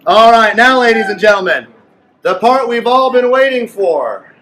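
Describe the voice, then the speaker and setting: A man with a very high voice leads a group clarinet lesson in a playful, coaching way. He is recorded from a distance in an echoey room with a little background noise. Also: lively intonation, moderate pace, fairly bright tone. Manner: playful, coaching a class aloud. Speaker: music teacher.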